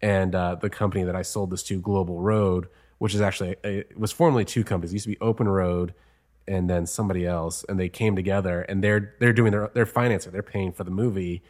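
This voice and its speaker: A man's voice: sits low, fairly even intonation, fast, a little mellow. A man, a screenwriter, chatting casually as an interview guest and laughing often between stories.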